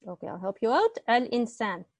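A woman's voice: a little high, very animated, brisk, no room sound. Chatty woman teaching an online class. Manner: chatty, self-correcting, asks class to confirm. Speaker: Arabic grammar teacher.

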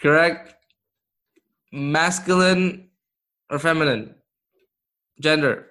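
Guy from canada teaching grammar to a class, slow and encouraging, kinda higher voice. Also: expressive, fairly bright tone. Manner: slow, encouraging, quizzes the class with quick praise. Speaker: Arabic teacher. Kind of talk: interactive grammar lesson.

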